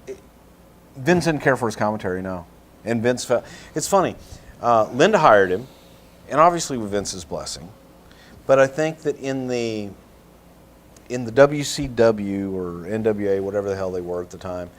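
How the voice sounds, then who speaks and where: Low-voiced Southern man, relaxed storyteller. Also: moderate pace. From Texas. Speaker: podcast guest. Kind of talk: conversational podcast chat.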